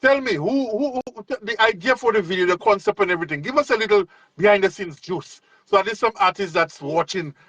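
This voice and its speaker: A man hosting a casual interview from overseas, speaking in a relaxed, encouraging way with frequent restarts. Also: high-pitched, brisk, hardly any pauses, dry recording, poor audio. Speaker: host. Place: overseas, remote.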